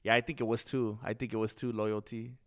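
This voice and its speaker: A man's voice: on the low side, flat delivery, a little fast. A man hosting a livestream, rambling casually and talking straight to his viewers. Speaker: livestream host reading chat.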